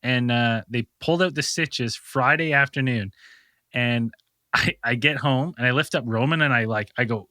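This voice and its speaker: A man's voice: mid-range voice, normal speed, pushed and bright, dry recording, studio quality. A man co-hosting a podcast, telling a rambling, profane anecdote with frequent laughs in casual chat. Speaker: podcast co-host.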